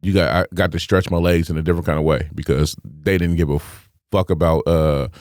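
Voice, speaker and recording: A man who is a stand-up comedian and podcast co-host, telling stories in a loud, confident way in casual chat. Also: very deep voice, steady tone, dry recording, studio quality. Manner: fast, loud, confident storytelling.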